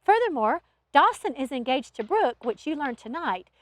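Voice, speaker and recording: Woman reading Southern young angel, earnest, apologetic, pleading, high voice, dry close sound. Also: very animated, moderate pace, a bit bright, no room sound.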